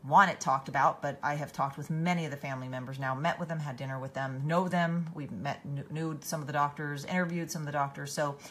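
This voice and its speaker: A woman's voice: sits low, steady tone, quick pace, few pauses. A woman hosting a casual live stream, tired, reading out viewer comments and answering them by name with many fillers and restarts.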